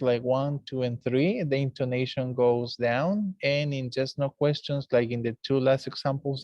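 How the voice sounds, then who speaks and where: A man's voice: mid-range voice, a little mellow, dry recording, highs cut off. A man teaching English, commenting patiently on a lesson and pointing out examples as he explains. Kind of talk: live commentary on a lesson video.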